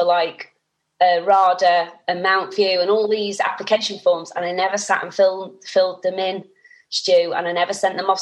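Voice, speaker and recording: A middle-aged woman, telling her story as an interview guest in an animated, chatty way. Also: medium pitch. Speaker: actress guest.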